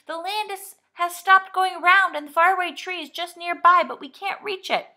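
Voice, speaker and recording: A woman doing an eager, excitable storybook rabbit. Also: fairly high pitch, full character voice. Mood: alarmed. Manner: eager, hurried. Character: excitable helpful male rabbit.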